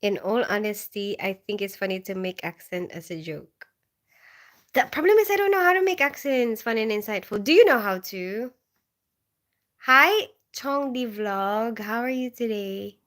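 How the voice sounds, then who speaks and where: A woman's voice: a little high, animated, measured pace, fairly bright tone. Woman, from the Philippines, livestream host, casual chat, giggly, reads comments aloud. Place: bedroom.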